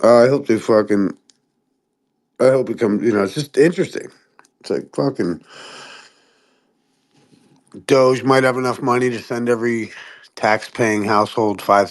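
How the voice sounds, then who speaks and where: A man chatting casually on a podcast, swearing often and jumping into high-pitched impressions of other people. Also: normal speed, long pauses. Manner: profane, animated, mimics people in high voices. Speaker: podcast host. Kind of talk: casual chat.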